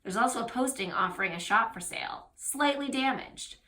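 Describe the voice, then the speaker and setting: A woman's voice: on the high side, lively intonation, fairly quick, bright, forceful tone. A woman acting as game master, reading a gamebook aloud to her players with casual asides.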